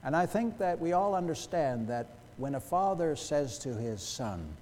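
A high-voiced man preaching in a church, his voice rising and falling dramatically from hushed to ringing. His tone is dark and mellow, and the long reverb of the sanctuary trails after every phrase. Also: big pitch swings, a little slow, few pauses, a little hiss or hum. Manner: emphatic, rhetorical questions, wide swings in loudness. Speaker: pastor. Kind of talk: sermon.

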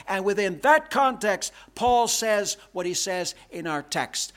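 A man's voice: measured pace, few pauses. A male pastor preaching a sermon, emphatic and repetitive, leaning hard on key words. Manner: emphatic, repetitive preaching with big swings in pitch and loudness.

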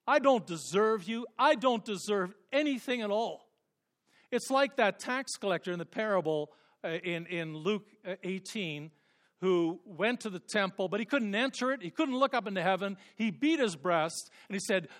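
A man preaching a sermon with passion, swinging from hushed, quiet passages up to loud, emphatic peaks. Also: sits high. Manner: impassioned, rising to emphatic peaks then dropping to hushed tones.

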